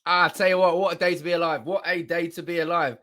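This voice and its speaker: A young man hosting a fan livestream, euphoric and swearing, shouting, laughing and reading out viewer comments. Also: fairly high pitch, fairly even intonation, fast. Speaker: fan channel livestream host. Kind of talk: excited live-stream reaction.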